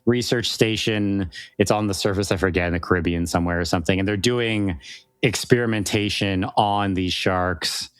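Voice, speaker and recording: Deep-voiced man in casual chat. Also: fairly even intonation, normal speed, fairly bright tone, clean tone, dry recording. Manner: rambling, enthusiastic, many restarts and fillers. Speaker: podcast co-host.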